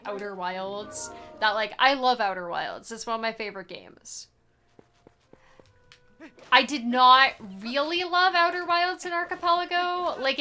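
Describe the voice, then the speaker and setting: A young woman talks over her gameplay in a bright, slightly high voice, unhurried and rambling with plenty of "like" as she goes. Her tone is playful and casual, with faint game music under her voice. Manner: playful, rambling, lots of filler "like". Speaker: streamer playing a randomized adventure game.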